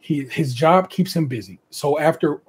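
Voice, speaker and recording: An American man hosting a podcast in casual chat, reading contestant bios aloud with chatty, animated asides and frequent laughter. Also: fairly high pitch, moderate pace, breathy edge. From United States. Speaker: podcast host.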